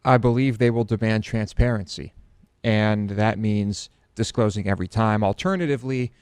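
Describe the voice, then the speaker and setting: A man chiming in on a talk show in a deadpan, wry way. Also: on the low side, normal speed, clean tone, dry recording. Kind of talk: casual studio banter.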